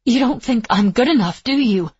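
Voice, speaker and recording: A woman voicing Etta, a husky, defiant young violinist. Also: on the high side, animated, normal speed, a little mellow, dry recording, highs cut off, voice pushed up. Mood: hurt. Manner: raised, pleading and defiant.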